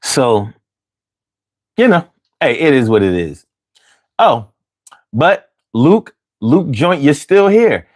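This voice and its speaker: Profane animated man ranting on a late stream. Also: medium pitch, slow pace, long pauses. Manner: profane, animated, talks back to chat. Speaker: livestream host. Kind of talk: late-night livestream rant.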